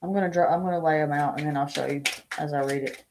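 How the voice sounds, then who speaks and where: Gravelly-voiced woman reading tarot live. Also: low voice, steady tone, quick pace, noisy background. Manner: chatty, talks to viewers by name, thinks aloud while laying out cards. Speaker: tarot reader. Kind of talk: casual live-stream chat.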